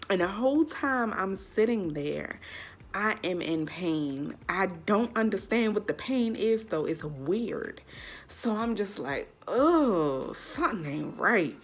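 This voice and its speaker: A woman's voice: medium pitch, expressive, slow pace. A young woman vlogger telling a personal story in a casual, candid way, full of "like". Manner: chatty, lots of "like", candid.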